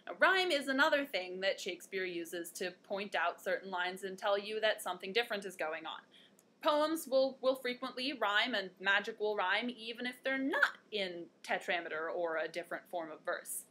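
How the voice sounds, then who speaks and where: A woman's voice: mid-range voice, animated, moderate pace, sharp tone. A young woman hosting a one-take video lesson, chatty and playful, joking at her own puns. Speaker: host.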